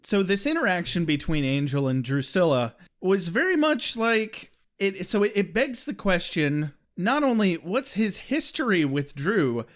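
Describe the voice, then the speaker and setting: A young man in loose, casual conversation, his voice pitched a little above average and very lively in its rise and fall. He talks in an animated way and slips into little performed lines when he retells a scene. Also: measured pace, hardly any pauses. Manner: animated, acts out quoted lines. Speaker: podcast co-host. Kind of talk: casual chat.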